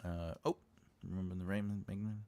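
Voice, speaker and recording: Low-pitched and darkish, this man's voice stays level while he talks briskly. He's an American author running his own channel, casually rambling and repeating phrases to viewers on a livestream.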